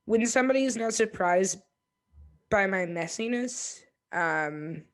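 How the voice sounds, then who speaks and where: A woman in her twenties, an interview guest, talking reflectively and hesitantly with many pauses and restarts. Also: mid-range voice, expressive. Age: 20s. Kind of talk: reflective casual conversation.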